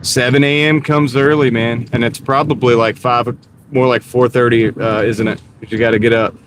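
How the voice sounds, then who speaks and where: A man chatting casually on a live stream while he drives deliveries, greeting viewers by name in a relaxed, rambling way. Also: medium pitch, moderate pace. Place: inside a moving car. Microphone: wireless clip-on mic. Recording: clear car road noise. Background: car and road noise.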